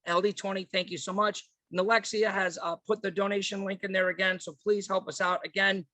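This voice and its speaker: A man making an energetic fundraising appeal at a virtual party convention, thanking donors district by district over a video call. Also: high voice, a little fast, no echo. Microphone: computer mic on a video call.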